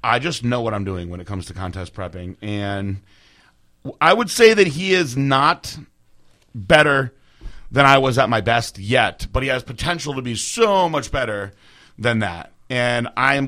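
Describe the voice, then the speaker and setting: A young man co-hosting a casual podcast, his voice bright and forward. He talks in an animated, loose way, swears often and repeats words as he goes. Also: medium pitch. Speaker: podcast host.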